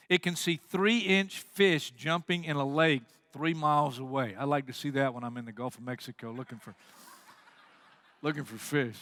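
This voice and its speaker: Animated, high-voiced preaching pastor. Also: male voice, dry recording, studio quality. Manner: animated storytelling, acts out quotes. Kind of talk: sermon.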